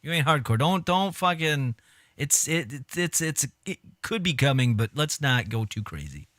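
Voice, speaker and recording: A man's voice: fairly high pitch, very animated, moderate pace, fairly bright tone, no room sound. A man streaming a casual reaction commentary, talking bluntly with frequent swearing and mocking asides.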